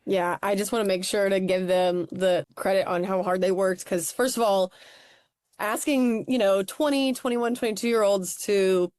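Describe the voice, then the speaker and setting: A woman academic guest on a podcast interview, talking in a quick, animated, casual way. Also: medium pitch, no room sound, studio quality.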